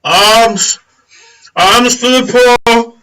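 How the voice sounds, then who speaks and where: A man voicing a giant, simple-hearted young man who calls out for alms slowly and loudly in a sing-song way, high above his own voice. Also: clean tone, far from the mic, full character voice, rough recording. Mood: fervent. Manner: slow, loud, sing-song calling out.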